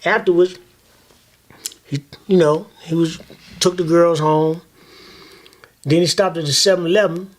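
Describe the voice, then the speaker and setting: A man in his seventies telling his son stories from his life in a loose, animated way, often saying "man" and "you know". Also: fairly high pitch, unhurried, pauses often. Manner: acts out other people's voices in his stories. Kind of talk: casual storytelling conversation.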